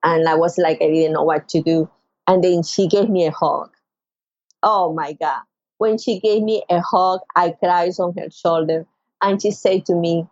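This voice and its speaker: A middle-aged Venezuelan woman with a Venezuelan Spanish accent speaks at a measured pace, guesting on a podcast to tell an emotional personal story. She is expressive, acting out quoted voices with big pitch jumps. The lo-fi recording has no room sound.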